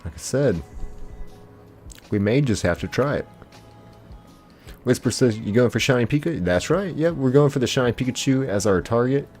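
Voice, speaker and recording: A man's voice: medium pitch, expressive, normal speed, pauses often, soft background music. A young man hosting a live game stream, chatting casually and reading out viewer comments. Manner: laid-back, chatty, greets viewers warmly by name. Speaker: livestream host.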